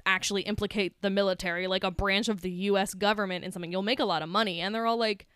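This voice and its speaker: A woman co-hosting a podcast, recapping a film in casual chat, animated and swearing as she acts out lines. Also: mid-range voice, racing, clear, resonant tone, dry recording, studio quality. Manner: animated retelling with quoted voices, swearing. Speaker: podcast co-host.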